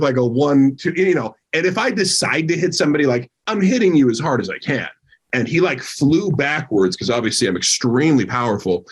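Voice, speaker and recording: A man's voice: medium pitch, husky. A man telling a rambling story in casual chat, packed with fillers.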